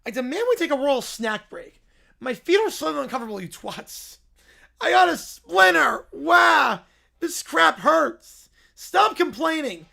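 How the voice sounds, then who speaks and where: A man voicing a bratty, whiny little brown bear who acts like a demanding princess, shouting crude complaints. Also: extremely high pitch, very animated, normal speed, vocal fry, exaggerated voice.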